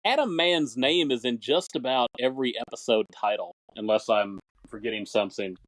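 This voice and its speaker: In a rough recording without room sound, a male podcast co-host speaks at normal speed with a medium-pitched, fairly bright voice. He rambles through a casual chat about an old film serial, fishing aloud for the right words.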